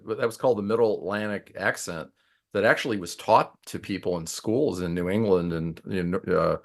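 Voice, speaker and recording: Low-voiced guest guy on a podcast, chiming in, explaining things. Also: a little fast. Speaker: podcast guest, former DJ turned lawyer. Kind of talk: casual podcast chat.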